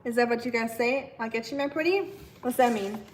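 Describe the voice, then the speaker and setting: A woman hosting a casual live cooking stream, chatting with viewers in a relaxed way. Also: on the high side, a little fast, heavy background noise. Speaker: livestream cooking host.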